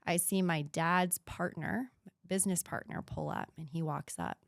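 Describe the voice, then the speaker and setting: A woman in her thirties from the United States, a podcast guest telling a painful personal story in an earnest voice that sometimes drops to a hushed whisper. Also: lowish voice, fairly even intonation, moderate pace, vocal fry, no room sound.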